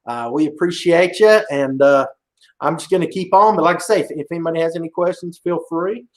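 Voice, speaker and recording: Easygoing male livestream host. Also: on the high side. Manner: easygoing, halting with fillers. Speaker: podcast host. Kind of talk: casual livestream interview.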